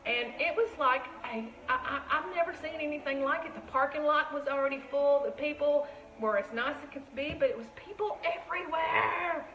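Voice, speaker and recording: A woman's voice: high-pitched, normal speed, echoey room, highs cut off. A woman with a Southern accent, chatting casually while she bakes live and greets her viewers. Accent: Southern American. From Tennessee. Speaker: shop owner hosting a live cooking stream. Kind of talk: casual live cooking chat. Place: kitchen.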